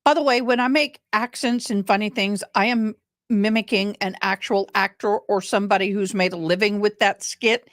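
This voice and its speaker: A woman's voice: medium pitch, steady tone, normal speed, a bit bright, no echo, studio quality. A woman hosting casual crime commentary, chatty and rambling, often going off on tangents.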